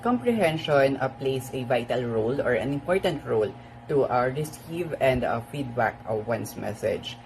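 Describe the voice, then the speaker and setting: A student giving a class presentation, halting and full of "uh" fillers. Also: medium pitch, creaky, darkish tone, slight background noise, poor audio.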